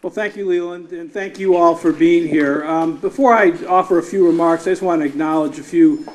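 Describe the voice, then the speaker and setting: A man serving as city mayor, giving measured formal remarks at a town hall and acknowledging officials in the room. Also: a little high, fairly even intonation, a little hiss or hum.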